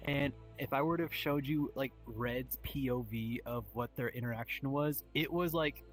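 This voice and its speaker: A man's voice: medium pitch, moderate pace, faint music behind. A man in casual chat, explaining his roleplay character in a rambling way. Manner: rambling explanations with restarts and fillers.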